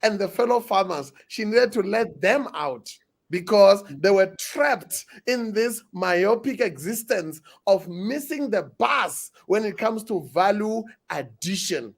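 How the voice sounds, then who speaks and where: Gravelly man talking at length. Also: sits high. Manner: wordy, many fillers and restarts, playful asides. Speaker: app co-founder, panelist. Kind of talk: panel discussion on a call.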